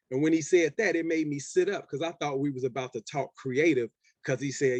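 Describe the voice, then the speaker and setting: A man's voice: medium pitch, fast talker, a little mellow, dry recording. A rapper in his forties telling a story in an interview, acting out both sides of an old phone call. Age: 40s. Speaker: rapper, guest.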